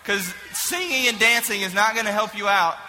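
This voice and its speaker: A man giving a comic sermon illustration to a live audience, animated and jokey, often shouting for emphasis. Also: high-pitched, moderate pace, in a large hall, rough recording. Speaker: speaker addressing a live audience.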